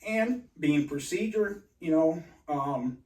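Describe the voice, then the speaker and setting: A man telling a rambling personal story in an agitated, halting way, full of restarts and swearing. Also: on the high side, lively intonation, darkish tone. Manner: profane. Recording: roomy and distant from mic.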